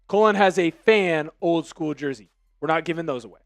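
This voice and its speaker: High-voiced excitable football stream host. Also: male voice, fairly quick, no echo. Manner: energetic, jokey, shouts on scores. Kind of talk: excited live game commentary and chat. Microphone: headphones with mic.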